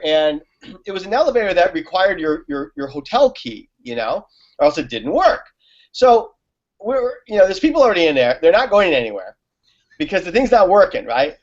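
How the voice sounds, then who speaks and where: A man's voice: on the high side, a little mellow. A man guest telling stories in casual conversation, laughing often and using many fillers. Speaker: guest on a talk show. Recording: muffled lo-fi audio.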